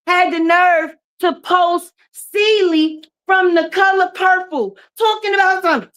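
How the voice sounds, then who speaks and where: Woman, high-pitched, profane mocking live-stream rant. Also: moderate pace, few pauses, a bit bright. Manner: profane, mocking, switches into jeering put-on voices. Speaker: commentary streamer. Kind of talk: ranting live-stream commentary.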